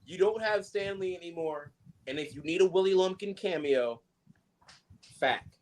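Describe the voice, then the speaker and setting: Male podcast co-host, fairly high voice, jokey and loose, swears a lot. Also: moderate pace, a little hiss or hum. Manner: profane, joking, animated. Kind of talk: casual chat.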